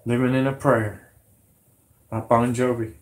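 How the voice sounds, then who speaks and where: A man with a drawl whose voice is hoarse and worn from illness. He rambles to his viewers, agitated and pleading, circling back over the same words again and again. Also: medium pitch, little pitch movement, unhurried. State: hoarse, sick voice. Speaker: conspiracy vlogger. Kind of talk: rambling monologue to camera.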